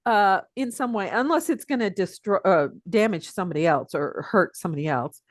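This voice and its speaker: A woman's voice: medium pitch, animated, fairly quick, dry recording, clean studio sound. An older woman from the Pacific Northwest, a teacher guesting on a podcast, talking reflectively and chuckling often as she tells stories. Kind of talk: casual interview conversation.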